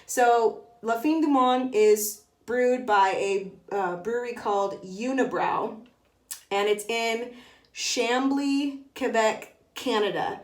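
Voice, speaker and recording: Chatty woman vlogging in an echoey room. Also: a little high. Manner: chatty and excitable, many "like"s and restarts. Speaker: host of a book and beer vlog. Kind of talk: casual chatty vlog.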